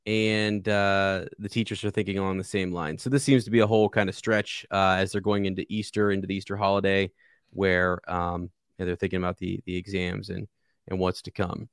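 Rambling, low-voiced man podcast co-host. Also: little pitch movement, a little fast, smooth, dry recording, clean studio sound. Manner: enthusiastic, rambling with fillers and restarts. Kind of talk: casual book discussion.

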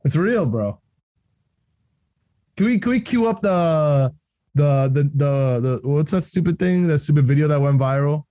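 A young man co-hosting a casual sports podcast, rambling and excitable and laughing often. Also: a little high, a little slow, dry recording, studio quality. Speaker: podcast co-host.

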